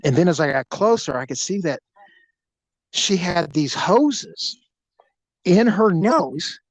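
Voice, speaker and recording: A man hosting a podcast, telling a story in an animated, crude, joking way. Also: a little high, slow, dry recording, rough recording. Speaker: podcast host.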